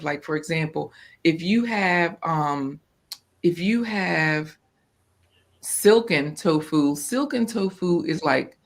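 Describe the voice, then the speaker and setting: A woman co-hosting a casual live-stream chat about gardening and food, informal and quick to laugh. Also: sits low. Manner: chatty and informal, laughs often. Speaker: co-host of a homestead live chat. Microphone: off-camera, voice only.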